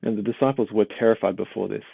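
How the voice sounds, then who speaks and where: Gravelly low man over a tinny line. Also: fast talker, dry recording. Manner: conversational, asks listeners rhetorical questions; repeats words while thinking, says "uh". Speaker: church Bible reader and teacher. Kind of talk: Bible reading and informal teaching. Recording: tinny phone-like, dry sound.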